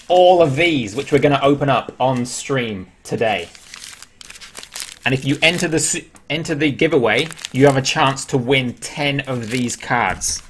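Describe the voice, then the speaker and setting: A man's voice: mid-range voice, a bit bright, slight background noise. A man with an English accent, hosting a casual livestream, chatting loosely, answering viewers' questions aloud and laughing at himself. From England. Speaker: livestream host. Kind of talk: casual live-stream chat.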